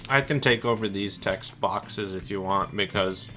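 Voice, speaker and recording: A man's voice: fairly low pitch, unhurried, pushed and bright. A male streamer chatting loosely through a game playthrough. He jokes, laughs easily and drifts off into rambling side stories. Faint game music sits behind his voice. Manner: jokey, laughs often, rambling tangents. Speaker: streamer host. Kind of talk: casual let's-play chat.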